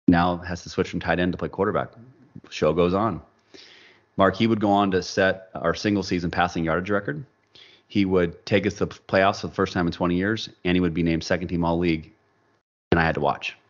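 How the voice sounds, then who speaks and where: The recording is muffled, and the man's voice is low-pitched. As a guest on a podcast, he animatedly recounts something that happened to him, voicing the people he quotes during the casual interview.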